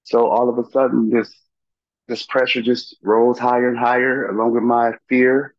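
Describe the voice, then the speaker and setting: A middle-aged man, a podcast guest, telling a personal story in a halting way, with many fillers and restarts. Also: mid-range voice, little pitch movement, no echo, dull audio.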